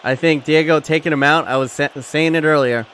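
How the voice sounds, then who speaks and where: A man hosting a live watchalong stream, commentating excitedly and profanely, shouting at big moments and chatting with his viewers. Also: on the high side, brisk, a little hiss or hum. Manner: talks to his chat and thanks viewers.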